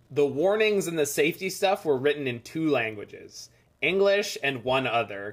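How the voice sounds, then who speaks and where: A man's voice: mid-range voice, fairly bright tone. A man streaming a game, chatting casually and rambling as he reads the chat aloud. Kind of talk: casual live-stream chat over gameplay.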